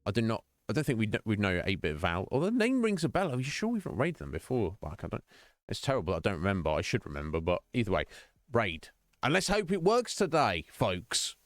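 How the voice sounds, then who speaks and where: Man, casual live-stream chat, rambling and jokey, lively intonation, dry sound. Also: lowish voice, fairly quick, dry recording. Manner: rambling, jokey, chatty, addresses viewers by name.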